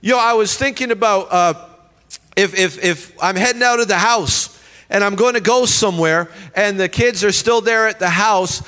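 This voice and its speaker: A high-pitched man in his thirties preaching with strong emphasis, calling the congregation to repeat his words. His voice rings with the long reverb of a church hall. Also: moderate pace, pushed and bright, smooth. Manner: emphatic preaching with call-and-response. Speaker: pastor. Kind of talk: sermon.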